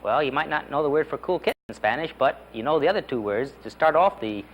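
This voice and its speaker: A man with a higher-pitched voice teaches beginner Spanish, talking fast and animatedly over slight background noise. He enthusiastically drills phrases, pushing learners to repeat after him.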